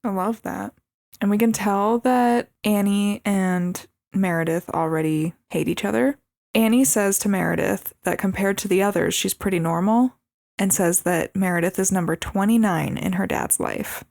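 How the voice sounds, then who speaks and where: Dry, close-miked young woman with vocal fry. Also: mid-range voice, no echo. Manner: relaxed, agreeable, quick short replies. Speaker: podcast co-host. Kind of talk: casual movie recap chat.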